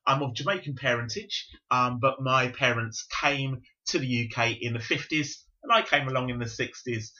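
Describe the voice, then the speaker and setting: A man in his fifties from South London, speaking with a London accent as a bishop being interviewed on a podcast, explaining in a measured, reflective way. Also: mid-range voice, pushed and bright. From South London, England. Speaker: Pentecostal bishop, guest. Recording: dull lo-fi recording.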